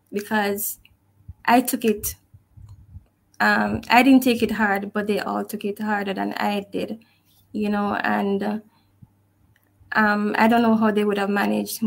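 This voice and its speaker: A woman sharing a personal testimony in an earnest, reflective way, with soft laughs here and there. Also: medium pitch, gravelly. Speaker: guest sharing her testimony.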